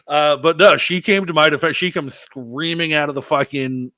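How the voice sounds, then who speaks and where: A man telling war stories in a casual podcast conversation, cursing often and swinging from loud bursts to low mutters. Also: normal speed, hardly any pauses, crowd noise. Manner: profane, animated storyteller with big swings in loudness. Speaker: veteran guest.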